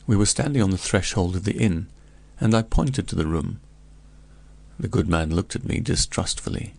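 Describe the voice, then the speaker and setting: An audiobook narrator reads a classic tale in first person, grave and measured, his very low voice gravelly and creaky throughout. His delivery stays steady and deliberate, and the recording is dry.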